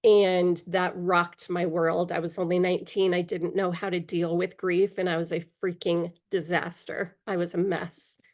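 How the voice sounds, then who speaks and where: A middle-aged woman, a guest in an interview, telling a personal story candidly, pausing often and clearing her throat now and then from allergies. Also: on the low side, level tone, a little mellow. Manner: candid, halting, with frequent pauses and fillers.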